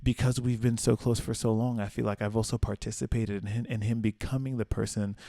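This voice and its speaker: A young man from the American South hosting a casual solo podcast, telling stories with swearing and playful high-pitched asides. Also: no echo. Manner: animated storyteller, swears freely, acts out quotes in high voices. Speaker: podcast host.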